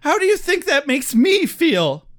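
A man voicing an emotional, defensive adult son who is angry and hurt, half shouting and sarcastic. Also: very high-pitched, huge pitch swings, unhurried, pitched above the performer's own voice, heavily acted. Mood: upset.

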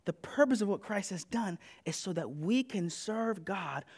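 Male preacher, high and lively, casual and slangy sermon delivery. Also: a little slow, breathy edge. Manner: animated, conversational, slangy and laughing; repeats "listen" to press points.

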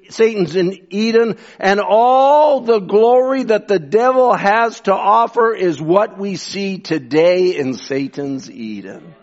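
A man preaching an impassioned sermon, swinging from fervent shouts to hushed asides and repeating phrases for emphasis. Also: sits high. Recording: dull lo-fi sound.

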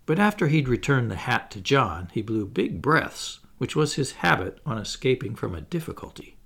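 A man reading a children's story aloud in a gentle, expressive narration. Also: medium pitch, normal speed, gravelly, few pauses, husky. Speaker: audiobook narrator.

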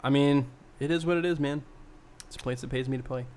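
A man in a casual podcast chat, laid-back and dry, dropping puns and bar stories at an everyday pitch. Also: steady tone, fast talker, a little mellow, slight background noise. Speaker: podcast co-host, musician. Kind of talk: casual banter.

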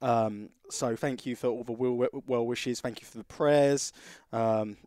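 A man's voice: mid-range voice, steady tone, unhurried, a little mellow, smooth, no room sound, clean studio sound. A man co-hosting a podcast, talking casually and telling rambling stories full of restarts. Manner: rambling storyteller, restarts sentences. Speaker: podcast co-host.

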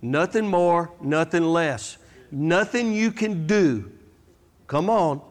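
A man preaches from the pulpit in a high voice, stretching his key lines slowly for weight. His words ring through a large church sanctuary with long reverb. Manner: animated storytelling preacher, drawn-out emphatic declarations. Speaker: guest preacher. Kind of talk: sermon.

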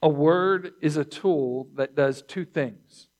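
Man giving a sermon, slow and deliberate, fairly high voice, repeats phrases, clears throat. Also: darkish tone. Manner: throat clearing between points. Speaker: pastor.

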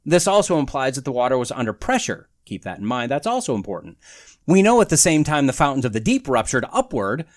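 A man's voice: mid-range voice, very animated, fast talker. A man hosting a solo podcast, talking through articles and reading quotes aloud with wry, sarcastic asides. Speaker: podcast host.

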